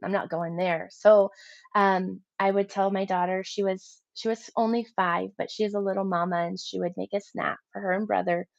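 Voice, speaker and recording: A woman in her thirties, an interview guest giving a personal faith testimony, telling her story in an animated way and acting out her own past thoughts. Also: mid-range voice, moderate pace, vocal fry, dry recording. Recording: dull lo-fi dry sound.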